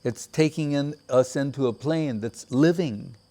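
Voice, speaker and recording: A man giving a measured, reflective devotional talk with many pauses. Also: medium pitch, dark tone. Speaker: spiritual teacher. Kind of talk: devotional discourse.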